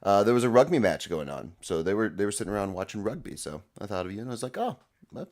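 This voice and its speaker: A man's voice: lowish voice, expressive, very fast, darkish tone. A man co-hosting a casual sports podcast, talking loosely with lots of "uh" as he recaps games. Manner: rambling, many fillers. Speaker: podcast co-host.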